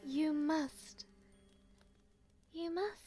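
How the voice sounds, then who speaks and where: A woman voicing an excitable, clingy young princess who speaks in an eager, pleading, drawn-out way. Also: high-pitched, soft background music, voice pushed up. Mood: eager, excited.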